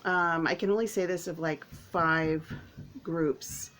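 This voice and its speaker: A woman vlogging to camera at home, chatting casually in a rambling, excitable way with lots of fillers. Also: lowish voice, takes it slowly. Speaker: author and vlogger.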